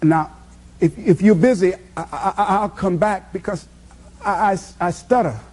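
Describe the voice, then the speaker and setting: A man voicing a good-humored woman who stutters as she pitches a product, repeating sounds before her words. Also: unhurried, a little mellow, lightly acted. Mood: stammering, cheerful.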